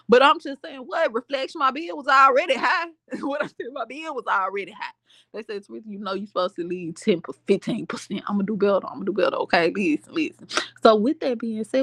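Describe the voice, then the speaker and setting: A woman hosting a podcast, giving casual commentary in a slangy, animated way and often checking in with her listeners. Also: on the high side, dry recording. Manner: slangy, animated, keeps asking "you get what I'm saying". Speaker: podcast host.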